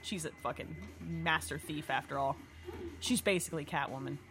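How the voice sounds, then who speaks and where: A woman's voice: deep voice, moderate pace, over music. A woman chatting casually while watching a film, snarky and swearing, laughing often. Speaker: movie commentator. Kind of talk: casual movie-watching chat.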